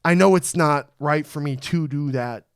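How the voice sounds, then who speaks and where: A man hosting a casual podcast chat, animated and profane, loudly acting out what others said. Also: on the high side, normal speed, clear, resonant tone, no echo, clean studio sound. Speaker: podcast host.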